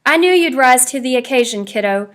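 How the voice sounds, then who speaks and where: A woman's voice: sits high, expressive, brisk, fairly bright tone. A woman voicing a firm, scolding mother in a read-aloud storybook.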